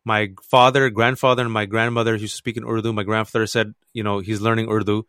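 Brief: male guest in his 40s, born and raised in the US, animated storyteller, dry studio sound. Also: fast talker, clean tone, no room sound. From United States. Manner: lively, acts out family voices with big jumps in pitch. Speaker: guest author.

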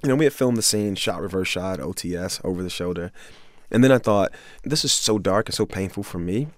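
A man's voice: sits low, a little fast, no echo. A man from Miami, a film director, telling a laid-back, earnest story in an interview, full of "you know" and "bruh.". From Miami, USA.

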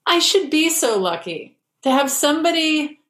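A woman hosting a comedy advice podcast from home over a video call, reading listener letters in a dry, deadpan way. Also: high voice, moderate pace, roomy sound. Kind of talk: casual comedic chat.

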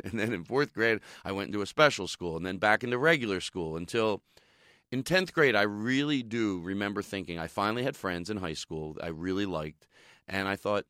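Male comedian, middle-aged, low-ish and dry, animated and self-mocking storyteller. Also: fairly quick, dry recording. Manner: animated, self-deprecating, laughs often. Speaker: comedian guest. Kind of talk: candid interview talk.

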